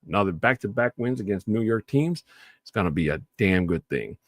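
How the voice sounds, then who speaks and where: Casual, chatty lower-voiced male sports host. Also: lively intonation, a little fast, no echo. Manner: casual and chatty, swells into loud enthusiastic shout-outs. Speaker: sports talk show host. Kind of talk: solo sports talk show with live chat.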